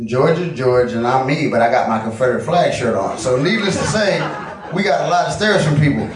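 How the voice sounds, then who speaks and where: A man's voice: medium pitch, expressive, a little fast. A man doing profane, brash stand-up storytelling. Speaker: stand-up comedian. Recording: roomy venue, distant mic, ambient noise.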